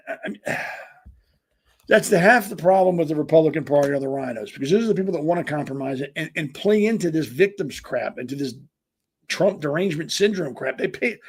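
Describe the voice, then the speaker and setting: A man with a somewhat high, husky voice rants as a podcast host. He hammers his points again and again and often stumbles into restarts as he pushes ahead. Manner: emphatic, repetitive, stumbling restarts. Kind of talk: ranting political commentary.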